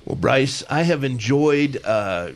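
Male radio host, 50s, earnest storyteller, middle pitch. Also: animated, takes it slowly. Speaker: guest radio host and pastor. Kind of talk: talk radio conversation.

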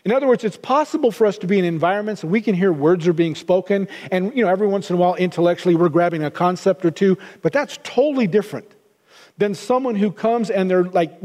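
A man's voice: high-pitched, warm tone, long reverb tail. A middle-aged man preaching a sermon as pastor, earnest, often repeating words as he restarts.

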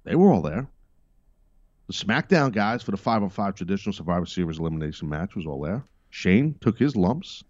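A man's voice: sits low, sing-song, a little fast, a little mellow, no echo, dull audio. A middle-aged man hosting a podcast, giving blunt, emphatic wrestling commentary with profane, sarcastic asides. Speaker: podcast host.

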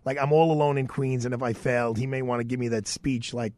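A man's voice: mid-range voice, moderate pace, no room sound. A middle-aged man, a radio host telling a personal story and acting out the other people in it. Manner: animated, acts out the voices of people in his story.

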